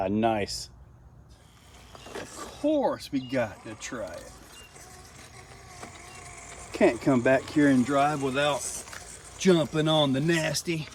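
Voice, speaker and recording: A middle-aged man casually commenting while driving an RC crawler outdoors, chatty and easily excited, laughing often. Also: medium pitch, slow pace, pauses often. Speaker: RC hobby reviewer. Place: outdoors on a rock trail. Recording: distant mic, faint outdoor noise.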